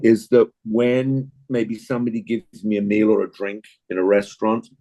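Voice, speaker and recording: An older Englishman teaches an acting class, chatty and encouraging, often praising his students. His voice is fairly low, steady, and warm, at a moderate pace, though the recording is low quality.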